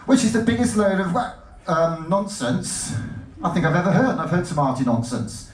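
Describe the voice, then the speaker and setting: A man giving an animated stage talk to an audience, jumping between stories and cutting himself off mid-word. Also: sits high, normal speed. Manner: animated, jumpy, self-interrupting. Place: lecture hall. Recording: roomy hall, mic at a distance.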